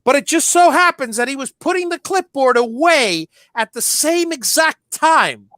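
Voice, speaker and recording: A middle-aged man co-hosting a podcast, telling stories in a casual, animated way, acting out movie lines and often restarting his sentences. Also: extremely high pitch, normal speed, dry recording, studio quality. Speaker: podcast co-host. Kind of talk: casual nostalgic chat.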